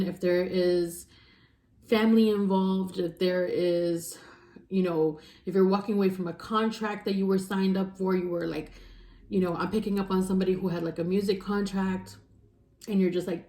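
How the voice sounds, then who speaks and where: A woman's voice: mid-range voice, moderate pace, echoey room. Emphatic woman giving a spiritual reading. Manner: emphatic, repetitive, animated with laughs. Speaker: intuitive counselor giving a tarot reading.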